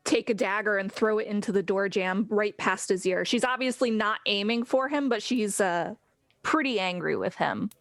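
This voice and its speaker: A woman's voice: mid-range voice, normal speed, a bit bright, no room sound. A woman playing a tabletop game, describing her character's actions firmly and tersely. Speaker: player.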